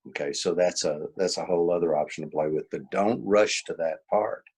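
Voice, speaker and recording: Low husky man teaching emphatically. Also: brisk, darkish tone. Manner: emphatic, repeats key points, acts out quoted dialogue. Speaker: workshop presenter and author. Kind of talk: informal teaching talk.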